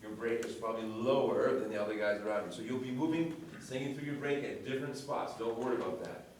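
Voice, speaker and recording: A man coaching a chorus through warm-ups, giving brisk commands and demonstrating sounds by singing them. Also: medium pitch. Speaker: vocal coach. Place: rehearsal room with a chorus. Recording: echoey room from far off, noisy.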